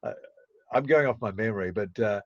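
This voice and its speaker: A man's voice: on the low side, a little fast, no room sound, highs cut off. Chatty New Zealand man telling anecdotes. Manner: rambling anecdotes with frequent restarts and chuckles. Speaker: podcast co-host. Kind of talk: casual chat. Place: home studio in Auckland.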